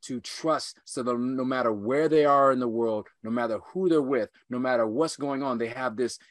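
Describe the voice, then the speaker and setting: A man's voice: medium pitch, moderate pace, dry recording, studio quality. A man guesting on a podcast as an inspirational speaker, talking earnestly with rousing, repetitive emphasis. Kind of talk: earnest motivational conversation.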